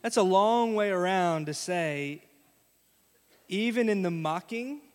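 Male pastor, conversational sermon, tells stories, asks the crowd, higher voice, long church reverb. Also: expressive, slow, slight background noise. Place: church sanctuary.

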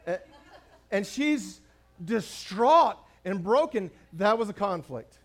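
A man's voice: sits high, lively intonation, takes it slowly. A man preaching a sermon as pastor, conversational and humorous, repeating phrases for emphasis.

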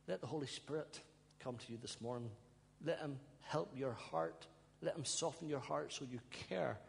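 A male pastor preaching and praying, pleading with his congregation, now and then breaking into soft laughter and sighs. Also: on the high side, creaky. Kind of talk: emotional sermon and prayer. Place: church hall. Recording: long church reverb, faint hum.

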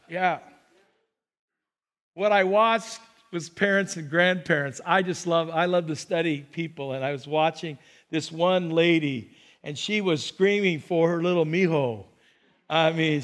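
An older man delivers a sermon in a church, his voice sitting high for a man. He tells his stories with animation and acts out the people in them. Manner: animated storytelling, acts out scenes. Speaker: pastor.

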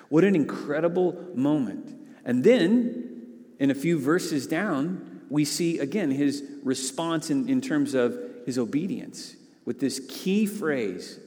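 A man's voice: a little high, lively intonation, a little slow, mellow, big-room sound. A man preaching a sermon as a pastor, earnest, often repeating words and restarting phrases.

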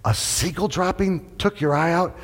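A man's voice: fairly high pitch, moderate pace, lightly acted. A man doing an eager young sailor. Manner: eager, wide-eyed questions. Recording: long hall reverb.

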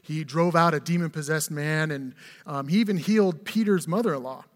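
A man in his forties with a high voice preaches a sermon, telling stories with humor and tossing rhetorical questions to his listeners in a conversational way. His voice rings out with the long reverb of a large church hall. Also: a little fast. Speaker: pastor.

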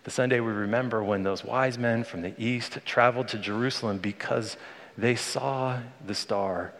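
A man's voice: medium pitch, steady tone, moderate pace, a bit bright. Earnest male pastor in an echoing church. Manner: conversational, earnest, speaks to the congregation directly. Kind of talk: sermon. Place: church sanctuary. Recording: long reverb of a large hall.

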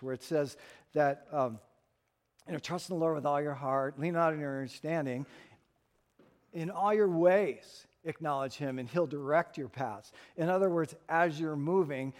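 A man, preaching a sermon and telling stories with acted-out voices. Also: on the high side. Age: 60s. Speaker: pastor.

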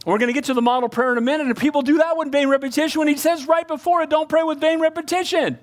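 A man preaching a sermon, calling out for amens and swinging between loud emphasis and hushed pleading. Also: very high voice, steady tone, racing. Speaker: pastor.

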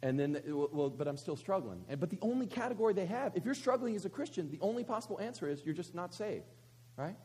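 A pastor preaching a conversational sermon at a church service, asking many rhetorical questions. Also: male voice, high-pitched, expressive, quick pace, a little mellow, husky.

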